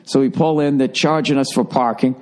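A man's voice: medium pitch, steady tone, brisk, darkish tone. A middle-aged man hosting his podcast, telling a rambling, profane comic story and mocking himself along the way. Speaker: comedian and podcast host.

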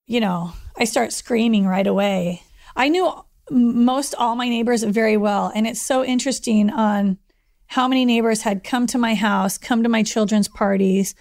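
Gravelly woman recounting an ordeal. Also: on the high side, normal speed, a little mellow. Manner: earnest, reliving events, with plain spoken retelling. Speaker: survivor telling her story. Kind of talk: documentary interview testimony.

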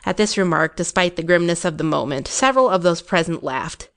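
Woman narrating a ghost story, lowish voice. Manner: measured, expressive reading.

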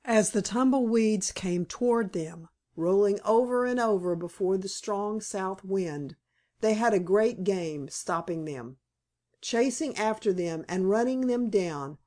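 A woman narrating an audiobook in a steady storytelling manner. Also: medium pitch. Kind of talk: scripted narration.

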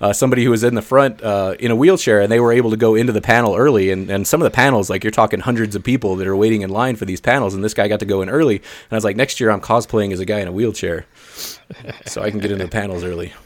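A man co-hosting a podcast, telling stories in a rambling, excitable way with lots of fillers. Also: fairly low pitch, very fast, dry recording. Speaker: podcast co-host. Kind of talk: casual chat, storytelling.

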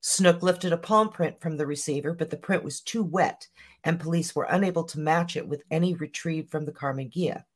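A podcast host reading a scripted true-crime story in an even, measured way. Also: medium pitch.

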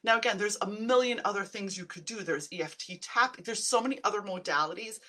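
A woman's voice: mid-range voice, brisk, pushed and bright. A middle-aged woman chatting casually to viewers on a live stream, giving direct, upbeat wellness tips. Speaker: wellness livestream host.

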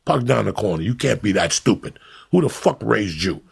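A middle-aged man from New Jersey hosting a podcast, telling stories in a profane, animated, ranting way. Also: fairly low pitch, moderate pace, vocal fry, breathy edge. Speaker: podcast host. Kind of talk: casual podcast banter.

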